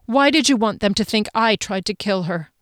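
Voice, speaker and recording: Defiant young swordswoman, read by a woman, sharp and accusing, dry close sound. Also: mid-range voice, expressive, moderate pace, dry recording, close to an everyday voice. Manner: sharp, accusing, rising to shouts. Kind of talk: audiobook character voice.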